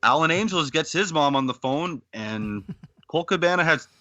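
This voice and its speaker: A man from Canada hosting a podcast, retelling a wrestling clip in a lively storytelling way with acted-out quotes. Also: a little high, normal speed, no echo, muffled recording. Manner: animated storytelling, acting out quotes. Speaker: podcast host. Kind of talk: casual podcast recap.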